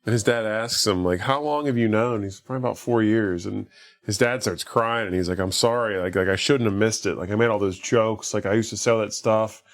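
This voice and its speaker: A man's voice: fairly low pitch, brisk. A man casually recapping a movie on a podcast, rambling with lots of fillers and acting out the characters' lines. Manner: rambling, lots of "like", acts out quotes. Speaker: podcast co-host.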